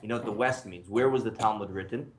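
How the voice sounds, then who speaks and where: A man's voice: on the low side, quick pace, crowd noise. A man, a rabbi, teaching a casual lunchtime class, joking, laughing often and calling on students to read. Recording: echoey room.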